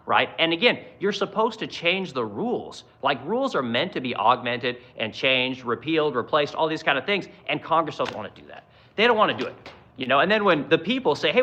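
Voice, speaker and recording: A man's voice: on the high side, big pitch swings, quick pace, sharp tone, dull audio. A man hosting a political livestream, ranting in a profane, exasperated way and mocking politicians in quoted voices.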